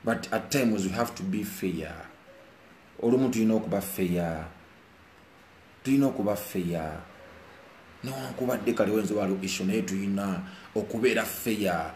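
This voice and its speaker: A man's voice: lowish voice, moderate pace, a little mellow. A man giving an earnest, preachy monologue, emotional and mixing two languages, speaking indoors. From Uganda. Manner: earnest, preachy, switches between Luganda and English. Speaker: commentator speaking to viewers. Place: indoors, rain outside. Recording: roomy echo, faint background hiss.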